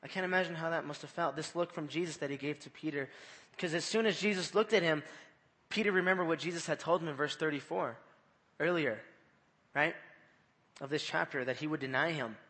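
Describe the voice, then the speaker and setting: A man gives an evening sermon in a casual, conversational way, often repeating himself and asking the listeners questions. His voice is bright and slightly high. It carries the long reverb of a large hall. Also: brisk. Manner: conversational, repeats phrases, asks the audience questions. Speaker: preacher. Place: church.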